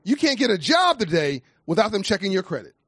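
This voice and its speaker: Man, high-pitched, impassioned panel speaker with a rousing, repetitive cadence, very dry close sound. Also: big pitch swings, fast, fairly bright tone, slightly rough, no echo. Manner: emphatic, preacher-like cadence with repeated phrases. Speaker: nonprofit founder speaking on a panel.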